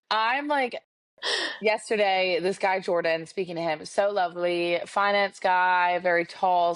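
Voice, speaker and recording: A young woman co-hosting a podcast over a video call, telling a dating story in a chatty, animated way. Her voice sits a little low. The sound is dry and close, with no room around it. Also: no room sound. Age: 20s. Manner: chatty, animated, acts out quoted dialogue. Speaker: podcast co-host. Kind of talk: casual storytelling chat.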